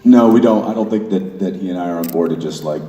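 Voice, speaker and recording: A man's voice: deep voice, quick pace, dark tone. A man speaking as a panel guest in a large hall, rambling with many restarts. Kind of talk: convention panel talk. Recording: echoey hall from far off.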